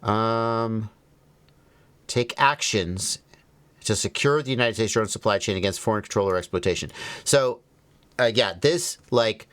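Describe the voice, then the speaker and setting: A man's voice: fairly low pitch, no echo. A man hosting a livestream, reading phrases aloud and commenting wryly as he thinks them through. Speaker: livestream host.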